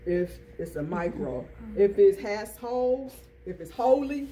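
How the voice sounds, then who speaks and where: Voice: medium pitch, animated, measured pace, mellow. An instructor teaching a class, drilling terms through rhythmic repetition and call-and-response questions. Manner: quizzes students with call-and-response. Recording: distant classroom recording, faint noise.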